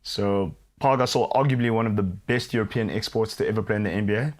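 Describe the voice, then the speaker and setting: A man co-hosting a sports talk show in relaxed, chatty banter. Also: lowish voice, fast talker. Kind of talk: casual sports chat.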